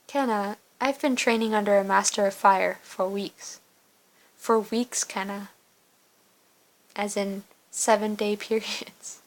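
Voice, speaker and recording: A woman's voice: medium pitch, fairly even intonation, slow pace, rough recording. A woman voicing a young man in a game story, an earnest fire-wielding suitor with a teasing, eager-to-please way of talking.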